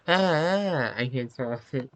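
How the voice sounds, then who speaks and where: A man's voice: mid-range voice, rough recording. A man narrating his playthrough of a story game in a chatty, self-conscious way. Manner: apologetic, self-conscious aside. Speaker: gameplay narrator.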